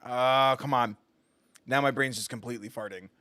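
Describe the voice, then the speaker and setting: A man's voice: medium pitch, fairly even intonation, normal speed, pushed and bright, clear, resonant tone, no echo. A man streaming a game live, chatting casually and self-deprecating, laughing often. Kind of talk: casual live gameplay commentary.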